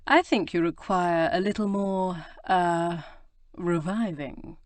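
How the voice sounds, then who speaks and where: A roguish young Regency lord, as a woman reads him, drawls his teasing with mock innocence. The voice sits low and the recording is dry and close. It suits an audiobook romance. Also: slow pace, darkish tone, no room sound.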